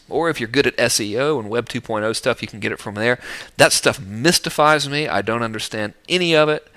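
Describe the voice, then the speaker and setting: Middle-aged guy hyping marketing tips, bright voice, bouncy pitch, jokey and self-mocking. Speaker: internet marketer teaching list building. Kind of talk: casual video tutorial.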